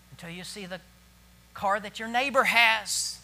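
Bright high-voiced preacher man. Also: normal speed. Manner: preaching with big swings from hushed to shouted. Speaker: pastor. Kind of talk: sermon. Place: church.

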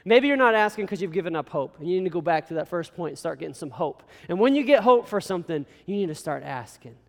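High-voiced young preacher in a reverberant hall. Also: male voice, lively intonation, quick pace, vocal fry. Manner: earnest, exhorting, folksy asides. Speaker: pastor. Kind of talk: sermon.

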